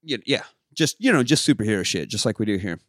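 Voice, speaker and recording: A man's voice: lowish voice, lively intonation, fast, fairly bright tone, no echo, clean studio sound. A man hosting a casual movie-review podcast, talking loosely and swearing and laughing often. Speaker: podcast co-host.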